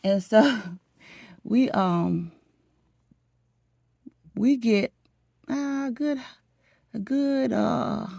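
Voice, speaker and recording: Woman vlogger, gravelly voice, dry close sound, animated dramatic storytelling, casual chat. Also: fairly high pitch, drawn-out words, pauses often, no room sound. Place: at home getting ready for work.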